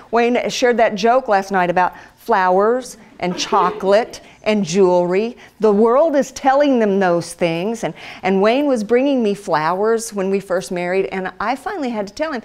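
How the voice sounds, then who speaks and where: A middle-aged woman giving a Bible teaching talk to women, telling stories and acting out voices with lively energy. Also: mid-range voice, normal speed, hardly any pauses. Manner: animated storyteller, acts out voices. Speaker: women's ministry speaker. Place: church hall.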